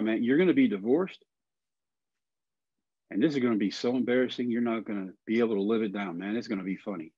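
A man in his forties from Texas tells a story in a folksy way, acting out the people in it as he goes. His voice sits at a middle pitch. The recording is dry and a bit dull on top. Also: fast talker, darkish tone, husky, dry recording. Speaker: guest. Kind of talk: storytelling in a podcast interview.

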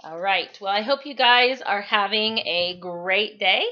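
Woman teacher, storytime, expressive, slow, bright voice. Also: mid-range voice, highs cut off. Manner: animated, expressive, sing-song. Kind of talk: reading a picture book aloud to children. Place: home, indoors.

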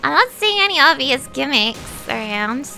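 High, bright-voiced woman streamer. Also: normal speed, gravelly, soft background music. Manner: profane, excitable exclamations. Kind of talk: casual gameplay commentary.

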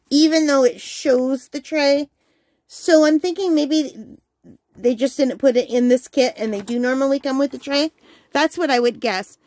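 Unboxing at home for her crafting channel, a woman chats with easy delight and enthusiasm, though she has the hiccups. She speaks in a high-pitched, slightly mellow voice, and there's no echo.

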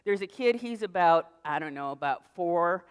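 A middle-aged American woman giving a lively public lecture, telling stories and acting out little voices. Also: on the low side, moderate pace, clean tone. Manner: animated storytelling, acts out voices. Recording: reverberant lecture hall.

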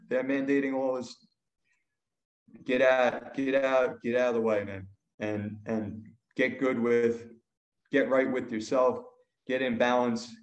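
A man co-hosting a podcast in casual chat, earnest and often restarting his words. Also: medium pitch. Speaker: podcast co-host. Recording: roomy, dull remote line.

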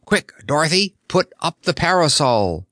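A man's voice: on the high side, big pitch swings, a little slow, a bit bright, no echo, clean studio sound, voice pushed up. A man voicing an eager male scarecrow in a storybook reading. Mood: urgent. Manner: calling out eagerly.

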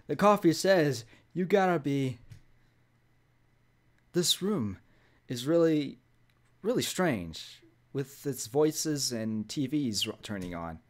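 A man's voice: mid-range voice, animated, slow pace, fairly bright tone. Joking man doing let's play commentary. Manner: joking, reads on-screen text aloud. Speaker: gaming video host.

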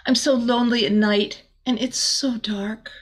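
A woman reading aloud and voicing a small, lonely female forest creature who talks in a soft, eager, wistful way. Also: fairly high pitch, steady tone, measured pace, slightly rough.

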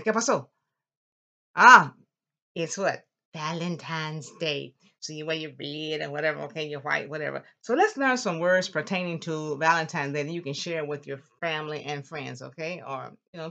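Low-voiced woman teaching a Spanish class. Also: highs cut off. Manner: lively, drills words slowly for the class to repeat. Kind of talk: classroom language lesson.

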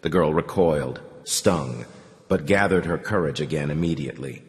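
A man narrating a novel in an audiobook with an expressive reading. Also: rumbling low, moderate pace, long reverb tail, faint music behind. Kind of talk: scripted narration.

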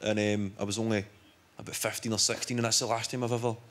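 A young man with a Scottish accent, telling dry, deadpan anecdotes as a comedian guest on a chat show. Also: lowish voice, fast. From Scotland. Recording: loud background noise. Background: studio audience laughter.

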